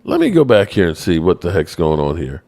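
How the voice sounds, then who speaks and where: A man hosting a casual live-stream sports show, reading the chat aloud in a playful, self-mocking way. His voice leaps high when he gets exasperated. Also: huge pitch swings, fairly quick, vocal fry, warm tone.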